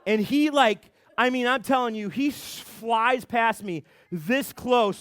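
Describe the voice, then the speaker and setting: A young man gives a youth group talk as a pastor, his voice sitting high for a man. He tells stories in an animated way, with plenty of fillers and restarts. The sound is dry, with almost no room echo. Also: a little slow, hardly any pauses, smooth. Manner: animated storytelling with many fillers.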